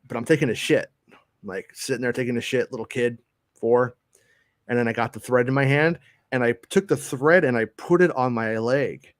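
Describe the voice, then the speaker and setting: A man's voice: medium pitch, no echo, studio quality. A middle-aged man in casual chat, telling rambling childhood stories with lots of swearing and restarts. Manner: rambling storyteller, swears freely, many restarts.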